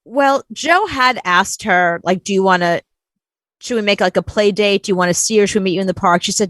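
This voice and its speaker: A woman's voice: medium pitch, a little fast, dry recording. A woman co-hosting a show, telling a story in casual chat and acting out the people she quotes. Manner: animated, acts out quoted voices. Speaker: co-host.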